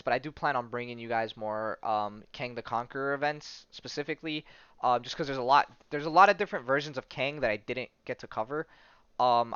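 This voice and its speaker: A man in a casual podcast monologue speaks in a smooth, clean voice at a middle pitch. He keeps a loose, chatty flow, with plenty of fillers and the odd curse word. The recording is dry and a little dull. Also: a bit bright, dry recording. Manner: loose and chatty, many fillers, tag questions and swearing. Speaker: podcast host. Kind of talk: casual podcast monologue retelling a comic story.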